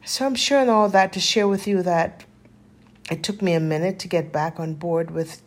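A woman in her fifties talks straight to her viewers in an open, earnest way, with a somewhat low voice. She drifts between thoughts, pausing often and filling gaps, with a spiritual tone to how she speaks. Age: 50s. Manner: earnest, spiritual, rambling with many pauses and fillers. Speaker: lifestyle vlogger. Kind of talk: casual heartfelt vlog.

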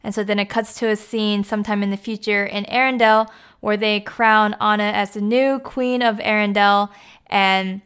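Woman with a smooth clear voice, chatty recap, says like and you know a lot. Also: mid-range voice, fairly even intonation, moderate pace, a bit bright. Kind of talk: casual plot recap.

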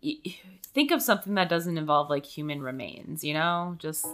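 A woman's voice: sits low, animated, moderate pace, fairly bright tone, faint music behind. A woman co-hosting a podcast in casual chat, chiming in with short replies and laughs. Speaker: podcast co-host.

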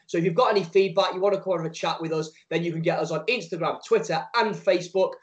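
Upbeat high-voiced podcast host man. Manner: upbeat, chatty, laughs easily. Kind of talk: casual podcast chat.

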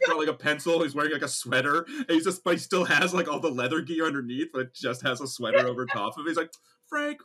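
A man's voice: a little high, fast, few pauses, bright, forceful tone, breathy edge. A man co-hosting a podcast, chatting casually and joking about a movie with frequent laughter. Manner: jokey, giggly, riffs in silly voices. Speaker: podcast co-host. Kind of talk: casual comedic movie chat.

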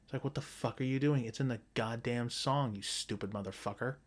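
In a fairly quick, mid-range voice, a man delivers a solo opinion rant on his own show. He's blunt and profane, and his sentences keep stumbling and starting over.

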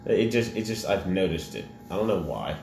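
A man co-hosting a podcast in casual chat, joking and animated. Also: low-pitched, fairly quick, creaky, roomy sound, slight background noise. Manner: joking, animated, laughs often. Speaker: podcast co-host.

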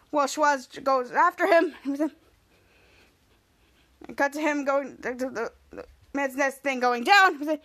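High-voiced woman rambling through a recap. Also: measured pace, fairly bright tone. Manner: rambling scene-by-scene narration with restarts. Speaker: podcast host. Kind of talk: casual episode recap.

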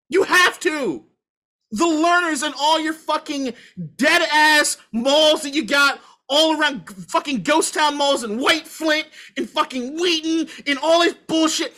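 With a high, sharp voice at a measured pace, a sports podcast host goes on a heated, profane rant in casual conversation. Points get driven home through emphatic repetition.

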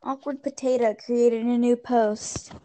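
A young woman with a high voice talks slowly and loosely on a casual podcast. She rambles, gets distracted and swears offhandedly between half-finished thoughts. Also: steady tone, dark tone, a little hiss or hum. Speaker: podcast co-host. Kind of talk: casual chat.

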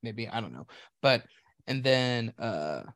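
A man's voice: medium pitch, sing-song, slow, a bit bright, no echo, clean studio sound. Profane rambling man telling a story. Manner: rambling, profane, restarts often. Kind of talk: casual storytelling chat.

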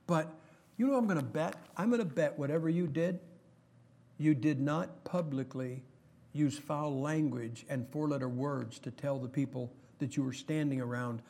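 A man's voice: a little high, normal speed, darkish tone. A middle-aged man preaching a sermon, chatting with the congregation and reading scripture aloud with rising emphasis.

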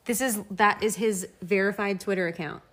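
A woman's voice: mid-range voice, normal speed, a bit bright. A woman co-hosting a casual podcast chat, reading tweets aloud and laughing often. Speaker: podcast co-host. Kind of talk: casual chat about a reality show.

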